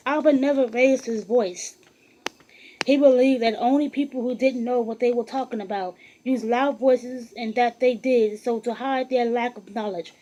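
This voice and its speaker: A woman reading a biography aloud in a steady, even storytelling manner with occasional restarts. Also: a little high, moderate pace, rough recording. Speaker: narrator.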